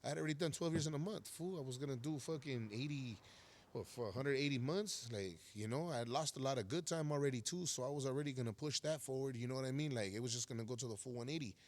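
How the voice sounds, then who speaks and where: A man's voice: mid-range voice, fast talker, a little mellow. Slangy, profane man telling prison stories. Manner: slangy, profane, calls listener fool and homie. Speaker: podcast guest, former federal prisoner. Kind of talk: casual storytelling.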